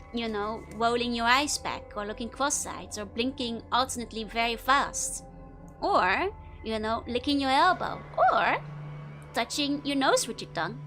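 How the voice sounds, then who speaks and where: A young woman with a high, light voice, chatting with viewers while she plays a game. She laughs easily and talks loosely, full of "like" and "you know". Faint music plays behind her. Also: sharp tone. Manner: giggly, answers chat questions, frequent laughter. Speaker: VTuber streamer. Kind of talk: casual gameplay chat with chat.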